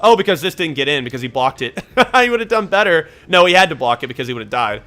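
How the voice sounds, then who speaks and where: Bright excitable man narrating his gameplay. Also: on the high side, fast talker. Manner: excitable, swears when frustrated, thinks aloud. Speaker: gameplay commentator. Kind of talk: live gameplay commentary.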